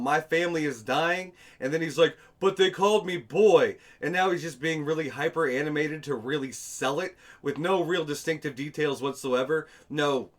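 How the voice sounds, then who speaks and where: A man's voice: a little high, a bit bright. Sarcastic man narrating commentary. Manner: sarcastic, exasperated, swears. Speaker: commentary video host. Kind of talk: casual commentary over footage.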